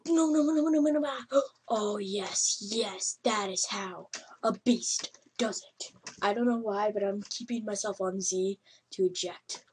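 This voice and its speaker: A woman giving excitable, yelping commentary over a game she is playing. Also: mid-range voice, measured pace, slightly rough. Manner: excitable, yelps and laughs at the game. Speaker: gameplay commentator. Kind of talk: let's play commentary.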